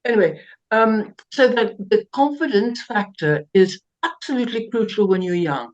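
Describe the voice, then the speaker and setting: An older woman from South Africa, a guest telling lively, self-mocking stories with laughs and many restarts. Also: on the high side, moderate pace, dull audio. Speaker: interview guest. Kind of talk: anecdotal storytelling interview.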